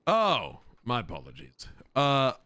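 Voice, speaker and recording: Animated man role-playing a cop. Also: medium pitch, measured pace. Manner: animated, swears freely, laughs often. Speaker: streamer playing a police officer. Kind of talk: casual role-play chat.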